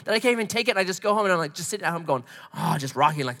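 Pastor guy in his 40s preaching, kinda high bright voice, lots of hall echo, tells stories and acts stuff out. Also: rapid-fire, few pauses. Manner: animated, conversational preacher who acts out scenes. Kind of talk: sermon with storytelling. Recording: long hall reverb.

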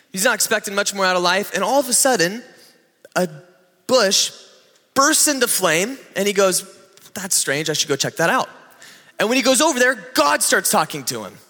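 A man's voice: high-pitched, bright, forceful tone, in a large hall. A man preaching a sermon as a pastor, telling a story and acting out what people said. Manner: storytelling, acting out quoted dialogue.

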